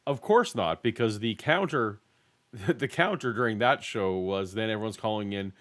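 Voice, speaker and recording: A man hosting a casual podcast, talking in halting phrases and searching for words. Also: fairly low pitch, lively intonation, a bit bright. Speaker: podcast host. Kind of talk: casual chat.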